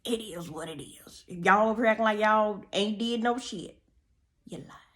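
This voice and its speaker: A young woman tells a story to her followers in a loose, sassy way, full of asides to her viewers. She keeps chatting while she does her makeup. Her voice sits at an ordinary middle pitch. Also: moderate pace. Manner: sassy, animated, talks straight to viewers. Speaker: storytime vlogger. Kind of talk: casual storytime chat.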